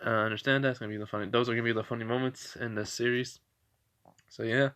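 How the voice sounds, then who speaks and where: A man's voice: mid-range voice, steady tone, fast talker, a bit bright. A young man casually telling a fan fiction story, rambling with fillers and restarts.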